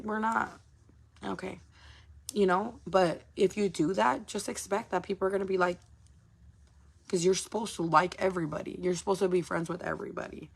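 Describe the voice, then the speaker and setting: A woman content creator talking bluntly and casually to her supporters on a livestream, swearing often and throwing in quick asides. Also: medium pitch, vocal fry, breathy edge.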